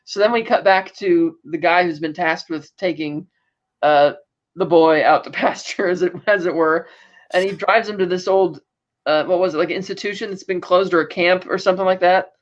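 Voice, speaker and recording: A woman's voice: fairly low pitch, moderate pace. Woman co-host rambling on dull lo-fi audio. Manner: rambling, acts out quotes. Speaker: podcast co-host. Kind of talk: casual chat recapping a TV episode.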